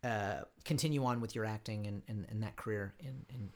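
A man's voice: lowish voice, fairly quick. A man hosting a comedy podcast who interviews his guest in a playful, jokey, rambling way. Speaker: podcast host.

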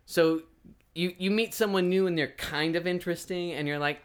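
A man's voice: high-pitched, fairly even intonation, normal speed, clear, resonant tone. A man who is an actor, chatting as a guest on a comedy podcast in an easygoing, rambling way with frequent laughs. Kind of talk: casual comedy podcast chat.

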